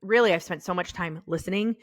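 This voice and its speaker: Soft-spoken, tearful middle-aged woman. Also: fairly low pitch, brisk, no room sound, studio quality. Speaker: podcast co-host. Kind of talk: casual faith chat. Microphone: podcast microphone.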